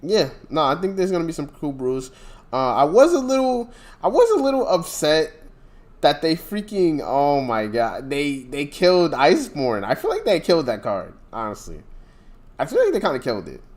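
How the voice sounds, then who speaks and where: Male podcast co-host, slightly higher voice, very lively pitch, casual and laughing. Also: normal speed. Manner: animated, laughs often, trails off mid-thought. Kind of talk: casual gaming podcast chat.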